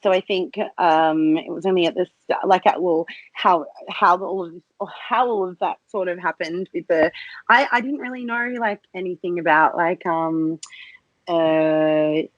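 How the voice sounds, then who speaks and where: A woman guest talks in a relaxed interview, laughing often and restarting her sentences. Her voice sits on the low side, and the sound is dry and close with a muffled, lo-fi quality. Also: measured pace, dry recording. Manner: hesitant, many fillers and restarts. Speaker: podcast guest, cam model. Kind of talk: casual interview chat.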